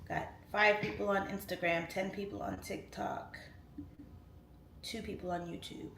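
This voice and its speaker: A woman's voice: mid-range voice, flat delivery, measured pace, creaky, a bit bright. A woman in her late thirties hosting a casual livestream, reading viewer comments aloud and chatting on tangents with laughs. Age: 30s. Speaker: livestream host. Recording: roomy echo, faint room noise.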